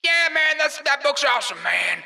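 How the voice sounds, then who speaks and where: A man's voice: very high voice, sing-song, normal speed, gravelly, pushed and bright, voice pushed up, heavily acted. A man playing a rambling, forgetful elderly male president in a comedic podcast impression. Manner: meandering, folksy, trails off.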